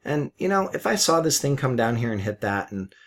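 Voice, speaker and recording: Blunt, animated middle-aged trading mentor. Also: male voice, medium pitch, fairly quick. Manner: blunt, swears, repeats himself; chatty, laughs at his own jokes. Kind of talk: live market commentary and teaching.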